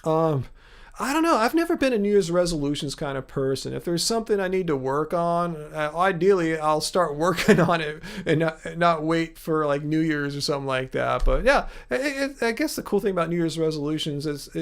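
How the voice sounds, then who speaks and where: Easygoing man with gravelly voice. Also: a little high, animated, brisk. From Los Angeles, USA. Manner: easygoing, rambling, many fillers. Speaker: livestream host. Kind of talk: casual live Q&A.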